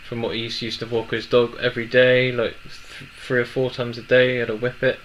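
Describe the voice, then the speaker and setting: Young guy in his 20s telling his own story, halting, lots of restarts, average pitch. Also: monotone, a bit bright, a little hiss or hum, poor audio. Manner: halting, emotional, many restarts. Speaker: vlogger. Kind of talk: personal story, casual.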